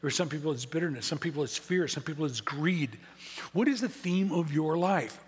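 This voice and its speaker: A man's voice: fairly high pitch, brisk, husky. A man preaching a sermon as a pastor, talking in a conversational, self-deprecating way and repeating key words for emphasis. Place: church sanctuary. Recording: echoey hall with long reverb.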